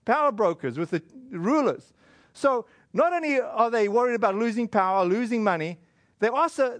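A preacher with a high-sitting voice delivers a casual, conversational sermon retelling a scripture story, using fillers and quick acted-out asides. The recording is dry.

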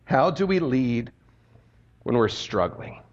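A male pastor preaching a sermon in an animated, conversational storytelling manner. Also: mid-range voice, slow, lo-fi sound.

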